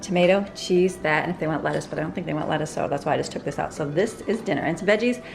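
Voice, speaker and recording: A woman's voice: deep voice, racing, vocal fry, background noise. A woman in her thirties, a homeschooling mother, chatting through her day in a casual vlog while she goes about her chores at home. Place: car, home and kitchen. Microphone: handheld camera.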